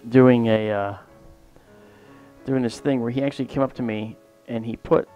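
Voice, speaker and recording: A man's voice: medium pitch, steady tone, normal speed, dark tone, highs cut off, soft background music. A man hosting a livestream and telling a long personal story in a casual, rambling way that often trails off mid-sentence. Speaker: livestream host.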